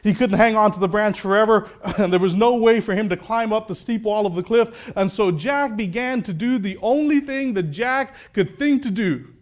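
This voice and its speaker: A man's voice: high voice, normal speed, hardly any pauses. A man preaching a sermon, telling a story and then reflecting earnestly through rhetorical questions.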